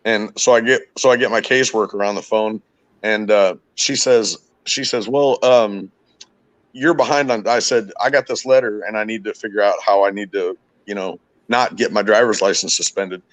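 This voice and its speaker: Man, low voice, casual podcast chat, angry profane storytelling, dry room sound. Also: fairly even intonation, moderate pace, a bit bright, no echo, poor audio. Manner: profane, ranting, frustrated storytelling. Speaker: podcast host.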